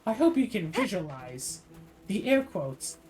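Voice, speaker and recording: A woman's voice: mid-range voice, unhurried. A woman streamer ranting casually while she plays, her voice rising and falling with a lot of life. She sounds tired, and her sarcasm keeps breaking through, with faint game music behind her. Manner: animated, sarcastic, mocking put-on voices. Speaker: gaming streamer. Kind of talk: casual ranting over gameplay.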